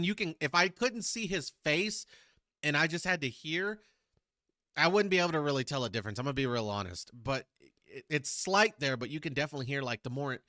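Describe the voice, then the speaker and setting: Bright, chatty man. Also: on the high side, dry recording, clean studio sound. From Texas. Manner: chatty, rambling, searches for words. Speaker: YouTube reaction host. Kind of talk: casual reaction commentary.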